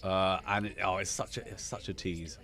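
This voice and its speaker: A man's voice: deep voice, flat delivery, normal speed, pushed and bright. A man hosting a live gaming chat stream, chatty and effusive, often laughing.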